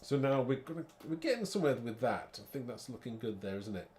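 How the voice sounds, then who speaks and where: A man's voice: medium pitch, big pitch swings, fast talker, a little mellow. Chatty man demonstrating card making. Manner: chatty, rambling, thinks aloud; self-mocking, laughs at own muddle. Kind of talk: live craft demo.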